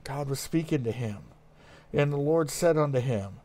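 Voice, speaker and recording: A man's voice: fairly high pitch, moderate pace, darkish tone. A man preaching a sermon in an earnest way, reading verses aloud and often repeating words as he goes.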